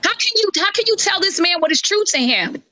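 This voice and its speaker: Woman, live-stream co-host: very high, bright voice, fervent lecturing delivery. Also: animated, a little fast, dry recording. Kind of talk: impassioned live-stream talk.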